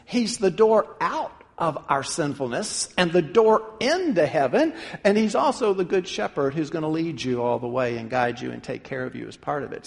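High-voiced preacher in a reverberant hall. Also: male voice, vocal fry. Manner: conversational preaching, rising for emphasis. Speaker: pastor. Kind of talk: sermon.

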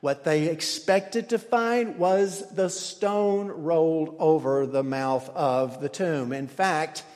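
A man gives a sermon in a church sanctuary, his voice sitting a little high. He explains the text step by step and often restarts his sentences. The sound carries a long hall reverb. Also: darkish tone. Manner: explanatory, with frequent restarts and stumbles. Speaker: pastor.

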